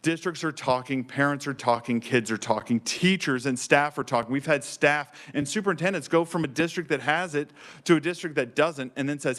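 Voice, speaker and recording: Fairly high-pitched and a bit bright, this man talks a little fast while delivering fervent, heartfelt testimony as a program director. The setting is a state legislature committee room, and his enthusiasm is earnest.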